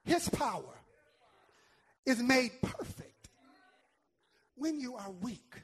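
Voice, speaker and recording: A man's voice: very high voice, big pitch swings, slow pace, vocal fry, a bit bright, breathy edge. A male pastor preaching a sermon, emphatic, repeating words and calling on the congregation to answer back.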